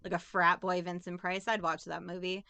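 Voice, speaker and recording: A woman's voice: on the low side, level tone, normal speed, gravelly, bright, forceful tone, clean tone, dry recording. A woman co-hosting a podcast, casually recapping a movie plot with sarcastic jokes. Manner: sarcastic, jokey, acts out characters' lines. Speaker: podcast co-host.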